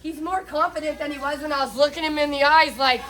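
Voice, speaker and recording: A woman's voice: high-pitched, fairly even intonation, fast talker, a bit bright, a little hiss or hum, poor audio. A middle-aged woman chatting candidly while bathing a cat, swearing freely as she talks. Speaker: pet groomer vlogger.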